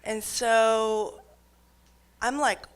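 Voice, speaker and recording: A woman telling a true comic story live to an audience, animated, swinging between loud and hushed. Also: a little high, very slow, clean tone.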